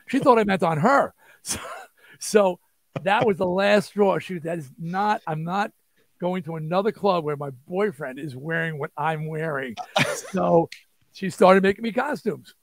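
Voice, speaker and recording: A man, telling an animated, rambling story as an interview guest and acting out quotes. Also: high-pitched, moderate pace, creaky, no room sound. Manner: rambling, restarts, acts out quotes. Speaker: interview guest, rock singer.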